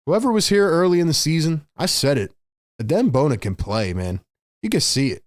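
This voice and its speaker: Excitable man calling a live game stream. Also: a little high, a little fast, no room sound, clean studio sound. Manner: excitable, shouts big plays, chats with viewers. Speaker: livestream host. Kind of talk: live play-by-play and fan reaction stream.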